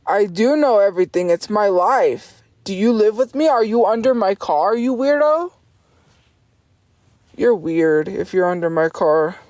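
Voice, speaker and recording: A woman's voice: medium pitch, normal speed, hardly any pauses, a little mellow, no room sound. A woman livestreamer ranting at her chat in a profane, insistent and defiant way, repeating her points over and over.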